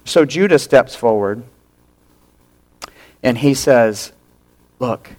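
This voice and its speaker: Male pastor, unhurried sermon delivery, acts out the characters' lines, sudden hushed asides. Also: mid-range voice. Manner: animated storytelling, acting out quoted lines.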